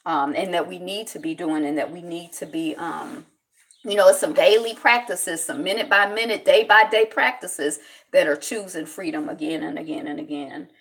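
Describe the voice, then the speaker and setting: A woman's voice: fairly low pitch, moderate pace, fairly bright tone. Woman host, casual solo commentary, rambling, reflective, lots of fillers. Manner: greets live chat viewers by name. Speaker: show host.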